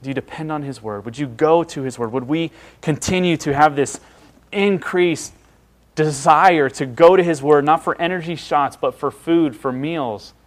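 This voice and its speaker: A man preaching a sermon, earnest and emphatic, with dramatic pauses and hushed drops. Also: on the high side.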